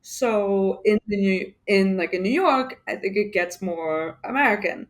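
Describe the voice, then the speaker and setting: A woman from the United Kingdom with a mixed English accent speaks as a guest in a casual interview. Her mid-range voice keeps a measured pace as she rambles, full of fillers and restarts.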